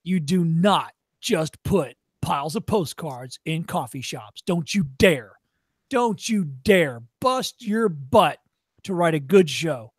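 A high-voiced man leads a workshop in a dry, close-sounding space. He talks bluntly and with profanity, plays a tough-love drill sergeant, and slips into quick impressions of shopkeepers. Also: lively intonation, slightly rough, dry recording. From Chicago area. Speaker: workshop presenter. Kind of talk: workshop lecture.

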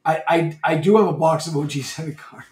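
An excitable man hosting a casual livestream, his voice a bit high and loud, breaking into laughter often. He sits back from the mic in an echoey room with a faint hum behind him. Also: fast talker, far from the mic. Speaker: livestream host.

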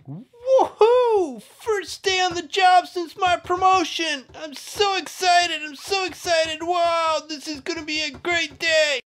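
A woman's voice: very high-pitched, slow, hardly any pauses, a bit bright, pitched above the performer's own voice, full character voice. A woman voicing an eager young female rabbit police officer in a toy play video, talking in cheery exclamations. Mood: excited.

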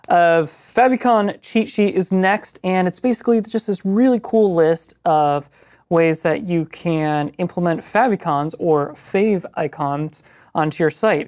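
A man's voice: high-pitched, a little mellow, smooth. Easygoing, enthusiastic man presenting web tools on a tech show. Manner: enthusiastic, casual. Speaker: co-host. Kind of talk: casual tech news show.

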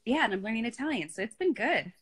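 A woman's voice: a little high, animated, fast, husky. A woman hosting a casual live chat on a video call, bubbly and giggly and full of "like". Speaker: host.

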